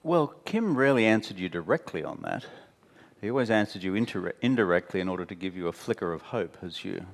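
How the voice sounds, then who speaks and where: A deep-voiced Australian man tells stories on stage in a candid interview. He is animated and wry, slips into mimicking the people he quotes, and speaks bluntly. He sounds like a man in his fifties. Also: fast, gravelly. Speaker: interview guest, former prime minister. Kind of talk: candid anecdotal conversation on stage. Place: stage at a talk venue.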